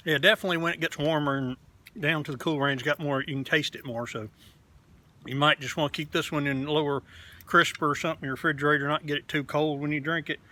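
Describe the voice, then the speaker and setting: A man's voice: a little high, fairly even intonation, a little fast, long pauses, pushed and bright. A man hosting his own casual beer review vlog, talking in a rambling, frank way and swearing casually. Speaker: beer reviewer, channel host. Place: outdoors.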